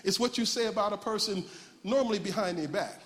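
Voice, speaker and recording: Playful high-voiced preacher in a reverberant hall. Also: male voice, a little fast. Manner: playful, banters with the congregation. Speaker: pastor. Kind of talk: sermon. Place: large church hall.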